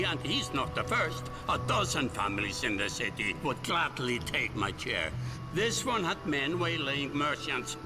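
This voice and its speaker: An actor playing a weary, embattled city governor in a video game, speaking with a grave, measured delivery. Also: male voice, fairly high pitch.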